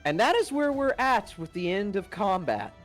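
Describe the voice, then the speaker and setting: A woman's voice: mid-range voice, normal speed. A woman casually recapping a game session as a player, swearing and laughing as she tells it. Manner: animated, laughing, swearing storyteller. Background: faint background music.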